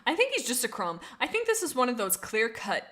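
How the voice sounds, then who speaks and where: A woman's voice: on the high side, wildly swooping pitch, fairly quick, fairly bright tone. Bubbly, giggly young woman streamer. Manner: bubbly, giggly and rambling, with many restarts and laughs. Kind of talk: casual livestream chat, reading out viewer comments.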